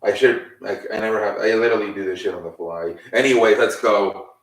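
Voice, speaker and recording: A man's voice: lowish voice, fairly quick, echoey room, distant mic, rough recording. A man hosting a casual, improvised recap show. He rambles, swears and openly shows his frustration. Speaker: host.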